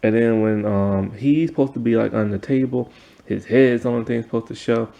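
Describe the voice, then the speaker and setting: A man's voice: medium pitch, a little fast, vocal fry, highs cut off. A man recapping a TV episode in a casual, rambling way, full of fillers. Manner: rambling, filler-heavy retelling. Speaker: TV episode reviewer.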